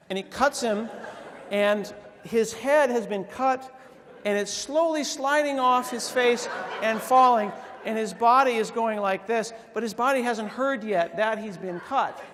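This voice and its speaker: Animated man telling stories in a big hall. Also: sits high, moderate pace. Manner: animated storytelling with quoted voices. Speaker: conference speaker. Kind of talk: humorous conference talk. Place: large conference hall. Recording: reverberant hall.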